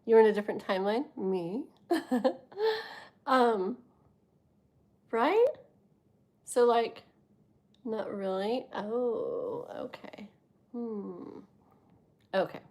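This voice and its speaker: A woman's voice: a little high, animated, extremely slow, pauses often, darkish tone. Chatty woman tarot streamer. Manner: chatty, rambling, lots of fillers, laughs often. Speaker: tarot reader hosting a live stream. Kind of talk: casual live-stream chat with viewers.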